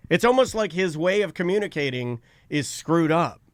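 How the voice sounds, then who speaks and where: A man co-hosting a casual podcast, his voice sitting a little high. He rambles through self-deprecating stories. The sound is close and dry, with no room echo. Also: expressive, normal speed. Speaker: podcast co-host. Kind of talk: casual chat. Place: studio.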